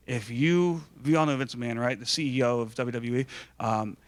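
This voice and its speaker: A man in his thirties from Michigan, a guest speaker telling stories to a live audience in an animated, joking way. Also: medium pitch. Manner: animated and joking, acting out dialogue. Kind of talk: storytelling talk to a live audience.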